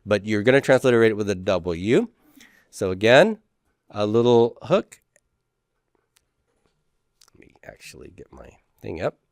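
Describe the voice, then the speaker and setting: A man's voice: fairly low pitch, expressive, unhurried, pauses often, no room sound, clean studio sound. A man teaching a class, talking casually and repeating letter names for students to say back. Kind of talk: classroom lecture.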